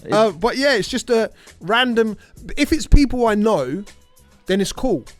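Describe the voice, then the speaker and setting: A man co-hosting a casual podcast about DJing, talking in an animated, jokey way. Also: high-pitched, measured pace, dry recording, soft background music. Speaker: podcast co-host, DJ. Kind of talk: casual chat.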